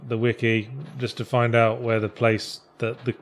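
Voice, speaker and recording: A man's voice: medium pitch, flat delivery, normal speed, slight background noise. A man hosting a casual gaming podcast, chatting dryly with mocking asides and reading out viewer questions.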